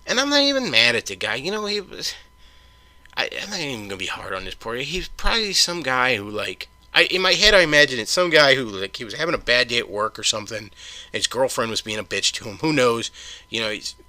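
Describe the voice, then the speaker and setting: A man's voice: mid-range voice, sing-song, fairly quick, pushed and bright, dry recording. A man hosting his own podcast, delivering a heated, profane solo rant full of stumbling restarts. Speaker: podcast host.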